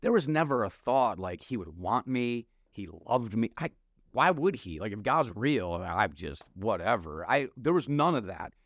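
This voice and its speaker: A middle-aged male pastor telling his life story in a casual, animated way, acting out his younger self with slang. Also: on the low side, normal speed, no room sound, clean studio sound. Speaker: pastor and podcast guest. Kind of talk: personal testimony in casual conversation. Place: podcast studio.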